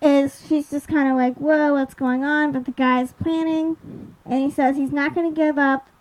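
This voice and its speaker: High-voiced young woman recapping an episode. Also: fairly even intonation, moderate pace, darkish tone. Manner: rambling, many fillers, loses track of notes. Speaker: podcast host recapping a TV episode. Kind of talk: casual chat. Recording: dull lo-fi recording.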